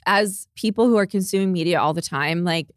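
A woman's voice: lowish voice, a little fast, no room sound, clean studio sound. A woman co-hosting a podcast in casual chat, breezy and emphatic, swearing casually, and also reading ads. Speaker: podcast co-host.

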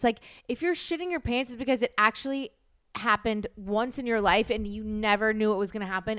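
A woman co-hosting a podcast, talking bluntly and swearing freely in animated casual chat. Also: medium pitch, smooth, no echo, clean studio sound. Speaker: podcast co-host.

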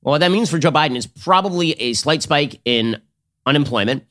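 Guy hosting a political show, super fast and sarcastic, arguing nonstop. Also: a little high, animated, fairly bright tone. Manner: rapid, sardonic, argumentative delivery. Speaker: political commentary show host. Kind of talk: fast political commentary and read ad.

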